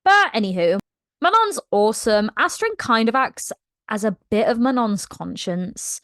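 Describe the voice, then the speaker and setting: Young woman, casual book vlogger, animated and slangy, mid pitch, dry close mic. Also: a little slow, no room sound. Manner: animated, slangy, acts out quotes with swearing.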